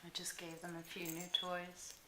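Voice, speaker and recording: A woman filming her kittens at home, talking to them in a soft, sing-song baby-talk voice. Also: fairly low pitch, monotone, moderate pace. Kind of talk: cooing at kittens while filming. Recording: echoey room, faint noise.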